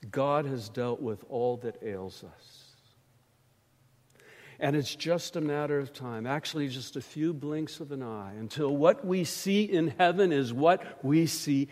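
A man preaching a sermon in a church, slow and emphatic, swelling loud on key phrases and dropping low between them. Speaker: pastor. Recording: reverberant church hall.

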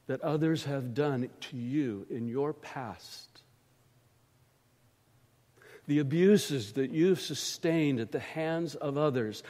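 Slow, emphatic male preacher in a reverberant church. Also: mid-range voice, warm tone. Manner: slow, emphatic preaching with dramatic swells and drops in volume. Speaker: pastor. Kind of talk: sermon.

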